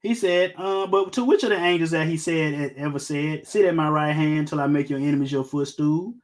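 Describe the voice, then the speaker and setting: Briskly and at a fairly high pitch, a middle-aged man preaches an informal sermon teaching the Bible. He speaks emphatically, fires off rhetorical questions, and jokes with his listeners.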